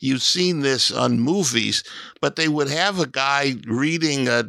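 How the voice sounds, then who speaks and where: Gravelly middle-aged male radio co-host. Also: mid-range voice, unhurried, bright, forceful tone, dry recording. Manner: reminiscing, hesitant with many fillers. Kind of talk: casual sports radio talk.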